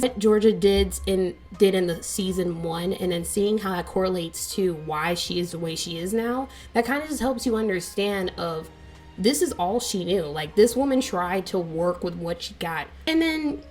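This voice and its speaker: A woman talking through a TV season in a casual review vlog, chatty and animated, acting out bits of dialogue as she goes. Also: fairly high pitch. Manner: chatty, animated, dramatizes with quoted voices. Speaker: TV show reviewer.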